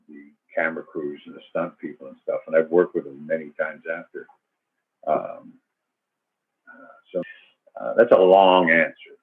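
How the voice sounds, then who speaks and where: A man's voice: low voice, slightly rough. An older man answering student questions in a loose, rambling way, full of fillers and restarts, over a call. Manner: rambling and verbose, many fillers. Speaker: guest actor. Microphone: video call. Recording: tinny phone-like video call audio.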